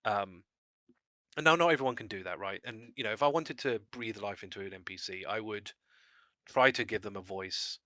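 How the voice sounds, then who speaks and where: A man's voice: fairly low pitch, normal speed, bright, forceful tone, no echo. A man co-hosting a casual discussion about game mastering, rambling a little with restarts and small laughs.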